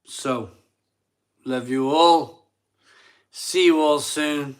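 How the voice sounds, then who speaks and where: Slow, tipsy man hosting a stream. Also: on the high side. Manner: tipsy, rambling, repeats himself. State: tired. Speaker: live stream host. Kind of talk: casual live chat reading super chats.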